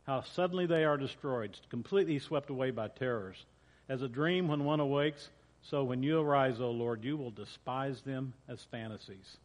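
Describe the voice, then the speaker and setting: A man's voice: mid-range voice, moderate pace. A man preaching as a pastor, reading scripture in a casual way and often repeating and correcting himself. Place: church sanctuary. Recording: long church reverb.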